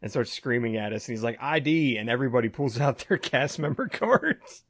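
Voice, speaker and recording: A young man co-hosting a podcast, chatty and quick to laugh along while telling his own story. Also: medium pitch, big pitch swings, husky, no echo. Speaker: podcast co-host. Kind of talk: casual chat.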